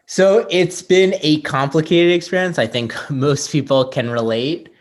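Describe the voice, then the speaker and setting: A man answering interview questions as a podcast guest, relaxed and reflective. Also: fairly high pitch, a little slow. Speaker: podcast guest, app founder.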